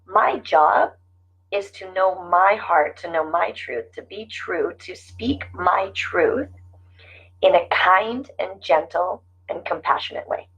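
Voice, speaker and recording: A woman's voice: on the low side, slow pace, a bit bright, slightly rough. A middle-aged woman giving casual, earnest life-coaching talk to her viewers, often repeating her phrases. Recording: dull lo-fi sound.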